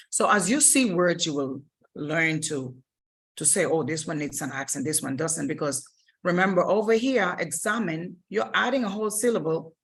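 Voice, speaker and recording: A woman with a fairly low-pitched voice teaches Spanish grammar in a recorded lesson. Her explanations are patient and methodical, and she frequently stops to put things another way.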